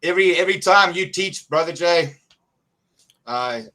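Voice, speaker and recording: A middle-aged man, excitedly telling a story as a guest, halting and restarting often. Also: fairly high pitch, low-quality recording. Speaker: guest church member. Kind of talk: casual testimony.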